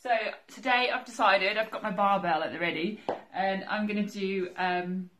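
A woman's voice: medium pitch, moderate pace, fairly bright tone, a little hiss or hum. A woman vlogging her workout, out of breath, laughing nervously as she counts her reps. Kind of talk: casual workout vlog. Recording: roomy echo, voice a little far from the mic.

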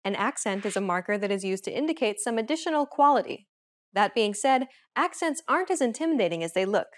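A woman hosting a beginner language lesson, giving clear, steady scripted explanations. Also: a little high, quick pace.

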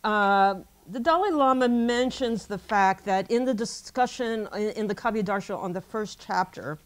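A woman delivers an academic talk from a podium, at a middle pitch that sits neither high nor low. Her pacing is measured and scholarly, broken by small fillers and self-corrections as she works through dense material. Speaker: academic lecturer. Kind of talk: conference lecture.

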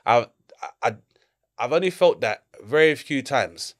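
A man's voice: medium pitch, unhurried. A man in his forties with a London accent, a comedian telling stories in a casual interview, laughing often and swearing freely. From London, England. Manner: animated, laughing storyteller who swears often. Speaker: comedian guest.

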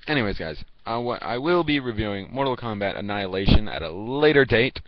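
A teenage boy talking casually to the camera as a video reviewer, rambling and halting, with lots of fillers and restarts. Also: fairly low pitch, animated, no room sound. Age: teens. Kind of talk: casual vlog talk to camera. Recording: dull lo-fi home recording.

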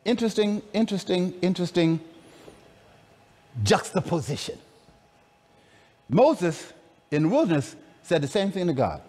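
A man's voice: high voice, sing-song, moderate pace, pauses often, a little mellow. A man preaching a sermon in a dramatic, conversational way, calling out to his congregation. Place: large camp meeting hall. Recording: long reverb of a large hall.

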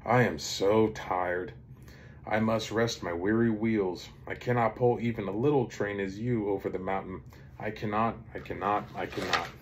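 A tired, rusty old male engine from a storybook sighs out his words slowly, as a father puts him on. The voice is low and dragging. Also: steady tone, a little hiss or hum, lightly acted. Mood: weary. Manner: slow, weary sighing.

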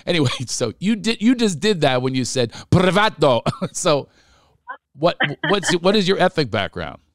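A man's voice: a little high, sing-song, fairly quick, dry recording, clean studio sound. A middle-aged man from Philadelphia with a Philadelphia accent, hosting a podcast in a jokey, playful way and slipping into comic voices. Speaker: podcast host. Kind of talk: casual interview chat.

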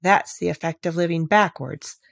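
Storybook queen, flustered and plaintive, read by a woman, husky, dry close sound. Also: on the low side, moderate pace, dry recording. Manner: melancholy, plaintive and groaning.

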